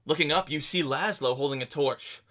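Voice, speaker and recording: A man narrating a tabletop game as game master, telling the scene in a halting, descriptive way. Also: a little high, sharp tone.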